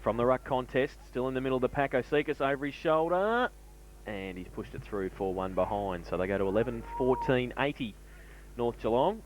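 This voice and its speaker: A man with an Australian accent calling a local football match in a steady, measured way, giving scores and time played. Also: mid-range voice, slight background noise, poor audio. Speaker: football commentator. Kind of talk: local radio football commentary.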